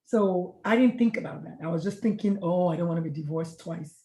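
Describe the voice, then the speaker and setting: A middle-aged woman, once a pediatrician and now a life coach, tells her story in an interview, speaking fairly quickly in a mellow, fairly low voice. Reflective and earnest, she acts out past conversations as dialogue, and the room sounds echoey.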